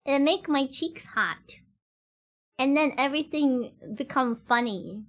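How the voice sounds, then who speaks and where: A woman's voice: sits high, slow. A woman streamer chatting casually with her viewers, giggling and laughing often, with loose, slightly non-standard grammar.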